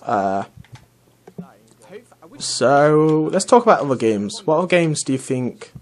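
A man's voice: on the high side, big pitch swings, takes it slowly. Chatty young gamer man. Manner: rambling, chatty, swears casually. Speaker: let's play host. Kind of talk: casual gaming commentary.

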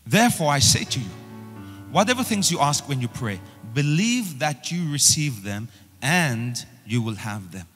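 A male pastor delivering a sermon, emphatic and repetitive, pushing phrases up in pitch as he builds. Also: very animated, moderate pace, a bit bright, in a large hall, soft background music. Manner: emphatic preaching with repeated rising phrases.

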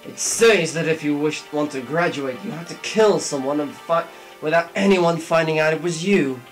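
A man's voice: fairly high pitch, moderate pace, over music. A young man doing a drunken comic dub of game dialogue, mock-dramatic and sweary. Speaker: player voicing game dialogue.

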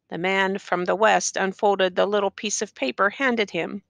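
A woman reading a short story aloud in measured narration. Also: medium pitch, fairly even intonation, creaky, fairly bright tone, dry recording. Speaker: audiobook reader.

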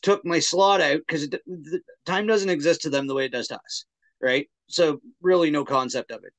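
A man's voice: fairly high pitch, moderate pace. A man on a podcast, chatting casually and telling his own story in a laid-back, easygoing way. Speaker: podcast guest. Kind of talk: casual chat.

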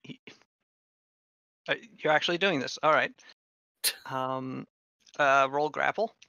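Gravelly-voiced game master, halting. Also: male voice, medium pitch, pushed and bright, no echo, muffled recording. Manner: hesitant, many ums and uhs. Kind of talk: narrating a tabletop game.

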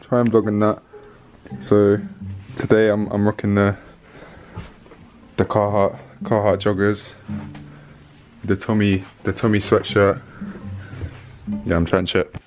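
A man's voice: lowish voice, little pitch movement, slow, long pauses, darkish tone, soft background music. A young man chatting casually with his girlfriend, laid-back and teasing, mumbling his words. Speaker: boyfriend. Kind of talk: casual chat.

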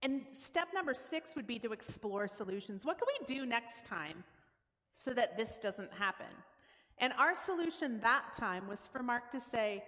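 A woman's voice: on the high side, expressive, moderate pace, sharp tone. A woman giving a conversational church talk, explaining steps plainly and acting out everyday dialogue. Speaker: guest speaker at church. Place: church sanctuary. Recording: long church hall reverb.

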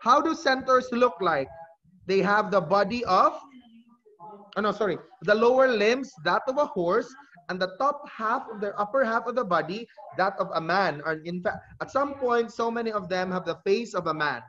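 A man's voice: high voice, animated, moderate pace, bright, forceful tone, muffled recording. A male teacher, lecturing an online class and correcting himself as he goes. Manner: explanatory, with self-corrections. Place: home during a video call. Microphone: computer mic on a video call.

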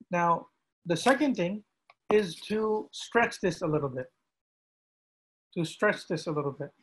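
Slow, deliberate man teaching pronunciation. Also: on the high side, a bit bright, husky, poor audio. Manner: slow, deliberate, repeats words drawn out for practice. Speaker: imam teaching recitation. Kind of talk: pronunciation lesson with screen pointer.

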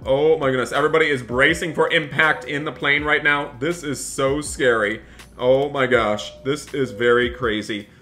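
A young man commentating a role-play game as a flight attendant, talking excitably straight to his viewers. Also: medium pitch, normal speed. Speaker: gaming YouTuber.

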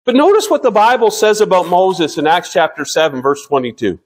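A pastor in his fifties preaches with a notably high-pitched, animated voice. Earnest in tone, he slows down to draw out scripture readings and frequently stumbles and restarts mid-sentence.

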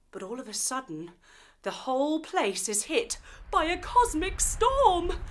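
A woman leading a kids' yoga session as a storyteller, playful, with sound effects and animal noises. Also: sits high. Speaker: kids yoga teacher and storyteller.

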